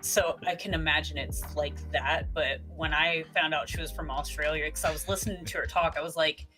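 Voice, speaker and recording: A woman with a light Southern US twang and a slightly low voice tells chatty stories in a casual talk show. She is quick to laugh. Faint music plays softly in the background. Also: fairly even intonation, rough recording. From Southern United States. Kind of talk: casual chat.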